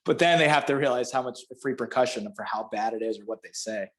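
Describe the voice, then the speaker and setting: A man with a Florida panhandle accent chats easily as a podcast guest, medium-pitched. He explains training cues with vivid images and laughs often. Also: fast talker. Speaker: guest, fitness clinician. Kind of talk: casual podcast chat.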